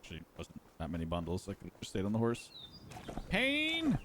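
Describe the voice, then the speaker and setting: A man's voice: low-pitched, rapid-fire, a little mellow, a little hiss or hum. A man hosting a live stream, giving casual, playful commentary while playing and talking to his chat. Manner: chatty, playful, talks to chat.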